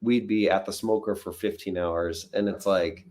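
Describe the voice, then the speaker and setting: A man's voice: sits low, fairly even intonation, normal speed, a little mellow. A man, a visiting guest, chatting casually on a live stream and telling rambling stories full of fillers. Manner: rambling, filler-heavy storytelling.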